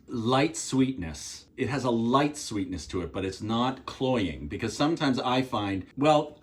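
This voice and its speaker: A middle-aged man from Pittsburgh with a Pittsburgh accent, hosting a playful, theatrical home cocktail tutorial at home. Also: medium pitch. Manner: playful, theatrical, swoops up on counts and exclamations. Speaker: home bartending host.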